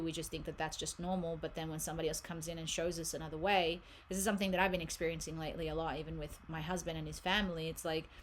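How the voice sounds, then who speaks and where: A woman giving a casual, chatty tarot card reading to a viewer, animated and quick to laugh, with many fillers and restarts. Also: lowish voice, a little hiss or hum.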